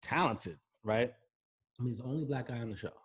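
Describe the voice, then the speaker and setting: A male host spinning stories in an easygoing interview. His voice sits at an ordinary middle pitch. He keeps checking in with a quick "right?" as he goes. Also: husky. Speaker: talk show host. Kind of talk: casual storytelling interview chat.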